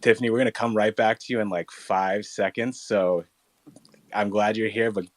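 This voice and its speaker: A low-voiced man hosts a casual online audio chat. He sounds upbeat and easygoing, pausing on fillers and restarting phrases. The sound is dry and close. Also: steady tone, dry recording. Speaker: host.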